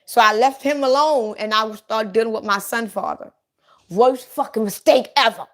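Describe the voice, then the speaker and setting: A woman's voice: fairly high pitch, normal speed. A middle-aged woman chatting casually on a livestream, telling blunt, profane stories straight to her viewers.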